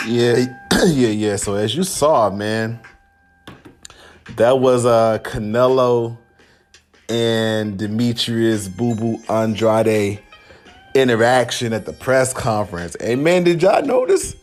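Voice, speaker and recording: A man's voice: medium pitch, expressive, slow, darkish tone, soft background music. A man hosting a podcast, talking casually about boxing in loose slang with laughing asides. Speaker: podcast host.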